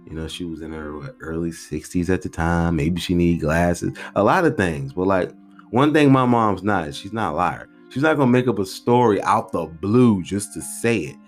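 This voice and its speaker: A man in his thirties hosting a podcast, telling stories in a rambling, slangy, animated way. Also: low voice, moderate pace, faint music behind. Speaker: podcast host. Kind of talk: casual storytelling podcast.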